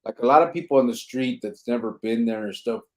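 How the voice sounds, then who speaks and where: A man's voice: mid-range voice, fast, a little mellow. Laid-back man swearing on a podcast. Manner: laid-back, swears freely, street slang. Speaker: podcast host reading chat comments. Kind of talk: casual live podcast chat.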